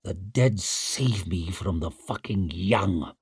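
A man's voice: unhurried, breathy edge, dry recording, clean studio sound. A man doing a sour, grim old chieftain. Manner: sour, grim, low and quiet.

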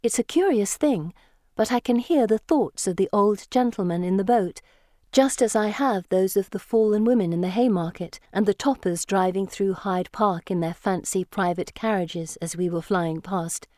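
A woman reading a first-person storybook in a measured, lyrical way. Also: mid-range voice, warm tone, dry recording, clean studio sound. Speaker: audiobook narrator.

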